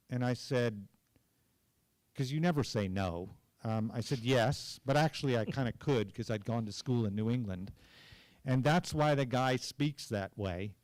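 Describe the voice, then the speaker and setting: Slow drawn-out guy from oklahoma, lively storytelling with lots of ums, dry sound. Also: medium pitch, clear, resonant tone, no echo. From Tulsa, Oklahoma. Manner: animated anecdotes with hesitations and acted quotes. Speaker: guest actor. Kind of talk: storytelling in an onstage conversation. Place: cinema stage before an audience.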